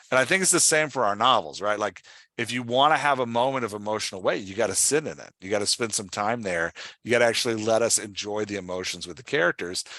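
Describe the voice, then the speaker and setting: Excited man hosting a podcast. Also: lowish voice, no echo. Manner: excited, fast-flowing explaining. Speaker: podcast host. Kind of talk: casual podcast discussion.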